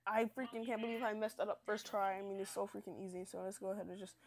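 A woman's voice: medium pitch, little pitch movement, quick pace. A young woman hosting a casual gameplay video, chatty, hyped and self-mocking after staying up all night. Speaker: gaming channel host.

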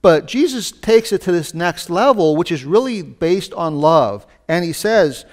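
A man's voice: high voice, expressive, measured pace, few pauses, a little mellow. A man pastor preaching a sermon in a conversational way, with casual asides and rising emphasis on his key points.

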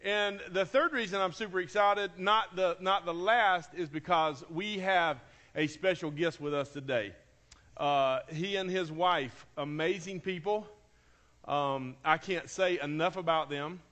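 A high-voiced man preaches to his church congregation. He talks with excitement and emotion, saying key phrases twice over for emphasis. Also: unhurried. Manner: enthusiastic, emotional, repeats phrases. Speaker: pastor. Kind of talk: sermon. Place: church sanctuary.

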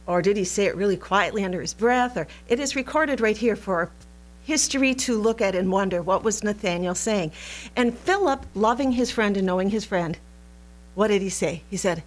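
An animated woman teaching a Bible lesson in a playful, chatty style, often breaking into laughter. Her voice sits at an ordinary middle pitch. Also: normal speed. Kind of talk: recorded Bible study lesson.

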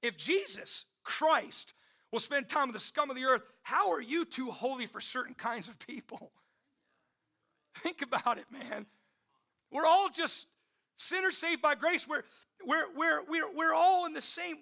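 A man's voice: very high-pitched, lively intonation, a little slow, gravelly, bright, forceful tone. A man preaching a sermon to a large church congregation, emphatic and calling on the crowd to respond. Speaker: pastor.

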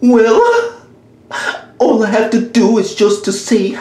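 A needy video game cast as a dumped lover, as a woman voices her, begging melodramatically to be taken back. The voice sits fairly high, and the comedy skit is recorded in a very echoey room. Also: very animated, takes it slowly, mellow. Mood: desperate. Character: jilted clingy video game as female lover.

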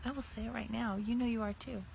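A woman chatting casually on a live stream while walking outdoors in her neighborhood, telling animated stories and acting out conversations into a phone held at arm's length. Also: on the high side, fast, creaky, slight background noise. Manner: animated chatty storyteller, acts out quotes. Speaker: network marketer.

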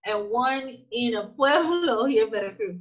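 The recording is muffled, but this woman's voice comes through on the high side at a normal pace. As an interview guest and immigrant business owner, she tells stories with emphasis and animation, voicing the quotes herself.

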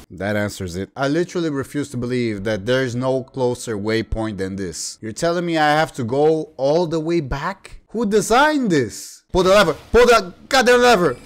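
A man giving excitable let's play commentary, swearing and ranting at the game. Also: medium pitch. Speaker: gaming youtuber. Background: faint game music.

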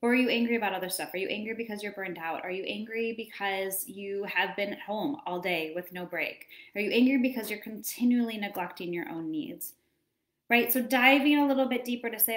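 A woman in her thirties giving casual parenting advice as a coach, chatty and animated, acting out little scenes as she talks. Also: mid-range voice, a little fast, roomy sound. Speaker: wellness coach.

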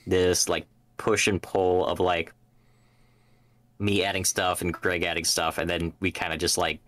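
A young man co-hosting a podcast, speaking casually and haltingly with many fillers. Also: low voice, level tone, fairly bright tone. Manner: hesitant, filler-heavy, halting. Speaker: podcast co-host. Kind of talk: casual chat about tabletop gaming.

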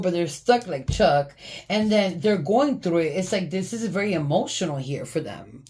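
A woman's voice: fairly low pitch, lively intonation, moderate pace, darkish tone, breathy edge. A woman giving a casual tarot reading, blunt and profane, often breaking into laughter. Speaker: tarot reader. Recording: faint background noise.

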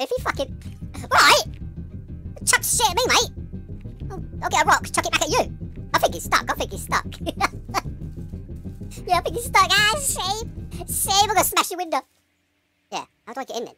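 A woman plays through a game and narrates every move to herself, swearing freely and reacting loudly to each surprise. Her voice sits high and swoops all over, with a bright, sharp edge. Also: moderate pace, pauses often, soft background music. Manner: excitable, swears a lot, talks to herself, yelps and laughs. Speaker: gamer playing a horror game. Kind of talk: swearing, laughing let's-play commentary.

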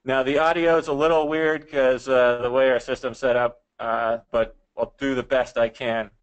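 A man in law enforcement presenting a training webinar in a relaxed way, with many fillers. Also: mid-range voice, normal speed, clean tone, rough recording.

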